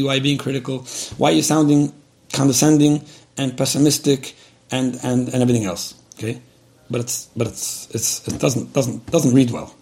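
A man's voice: mid-range voice, fairly even intonation, moderate pace, creaky, a little mellow. A man giving a religious lecture, talking frankly and directly as he gives advice and repeats his points. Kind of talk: earnest spoken advice lecture.

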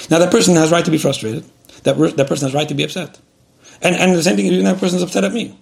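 Fast-talking gravelly man lecturing. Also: fairly high pitch, darkish tone. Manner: direct, repetitive, frank. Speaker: religious lecturer giving a shiur. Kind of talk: earnest spoken advice lecture.

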